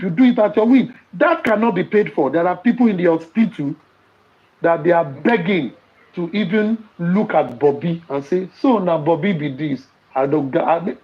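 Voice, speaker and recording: A man's voice: high voice, lo-fi sound. A man with a Nigerian accent in casual podcast talk, preaching and telling stories with rhetorical questions.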